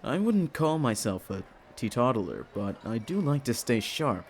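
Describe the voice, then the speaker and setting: A man voicing a guarded young male character in a visual novel, measured and deadpan. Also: medium pitch, slight background noise, pitched below the performer's own voice.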